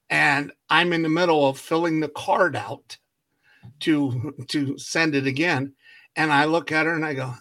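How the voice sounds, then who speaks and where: A man's voice: a little high, moderate pace, bright, forceful tone. A man co-hosting a casual podcast, telling a long story and acting out what everyone said, laughing often. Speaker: podcast co-host.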